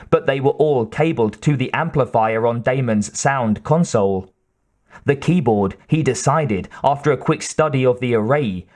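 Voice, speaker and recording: A man reading an audiobook in a measured, even scripted narration. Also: medium pitch.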